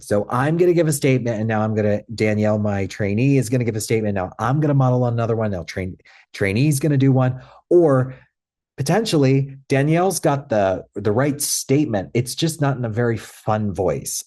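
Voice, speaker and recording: A man teaching a webinar as a clinical trainer, talking conversationally with many fillers and tag questions. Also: lowish voice. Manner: acts out playful lines in a bright fun voice. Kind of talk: webinar lecture.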